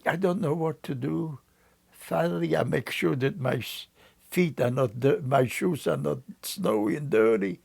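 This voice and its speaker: An older man recounting memories in an interview, telling his story in a slow, halting way with frequent restarts. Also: on the high side, gravelly, a little mellow, slightly rough.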